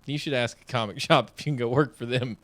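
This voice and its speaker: A man's voice: medium pitch, quick pace, a bit bright. A young man co-hosting a podcast in casual chat, playful and giggling often.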